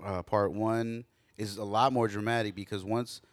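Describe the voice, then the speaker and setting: A man's voice: lowish voice, level tone, moderate pace, no echo. A man co-hosting a casual chat, telling rambling stories with frequent restarts and casual swearing. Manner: rambling storyteller, swears freely, many restarts. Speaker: podcast co-host.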